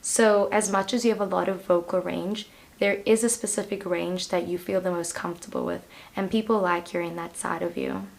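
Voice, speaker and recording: A woman's voice: lowish voice, flat delivery, moderate pace, creaky. A young woman giving a casual pick-a-card tarot reading to the viewer, talking chattily and hesitantly with plenty of fillers. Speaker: tarot reader.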